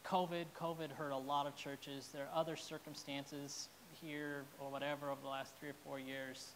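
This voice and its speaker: A woman's voice: low voice, flat delivery, normal speed, slight background noise. A woman pastor preaching a sermon in an earnest, heartfelt way, at times openly emotional.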